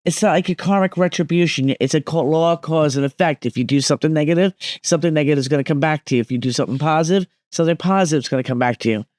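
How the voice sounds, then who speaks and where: A woman's voice: sits low, racing, few pauses, a little mellow, no echo, studio quality. A woman speaking as a medium guest on a podcast, explaining emphatically and often checking that listeners follow.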